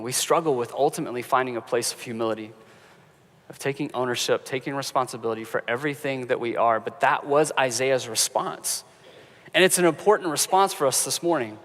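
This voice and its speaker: A man's voice: mid-range voice, a bit bright. A man preaching a sermon as pastor, conversational and storytelling with touches of humor, in a church sanctuary. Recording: reverberant church hall.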